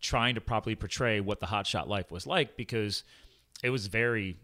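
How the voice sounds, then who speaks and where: A man in his thirties, a former hotshot firefighter hosting a casual chat, rambling and quick to laugh. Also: lowish voice, bright, forceful tone.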